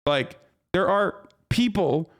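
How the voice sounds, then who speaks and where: A man's voice: sits high, expressive, slow. A man streaming live, giving casual, profane and incredulous commentary as host.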